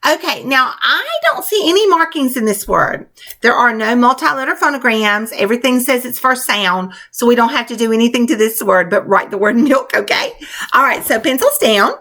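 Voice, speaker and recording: A woman's voice: fairly high pitch, bright, forceful tone. A woman teacher leading young children through a spelling lesson, coaching them patiently in a sing-song classroom manner.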